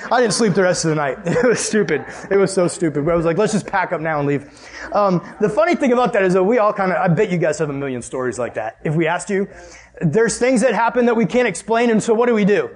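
A young man leading a youth group, telling a story in a chatty, animated way and laughing often before moving into Bible study. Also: high voice, fast.

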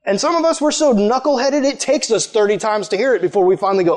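High-voiced, animated male preacher. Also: quick pace. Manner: casual, animated, acts out voices of people he quotes. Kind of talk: sermon.

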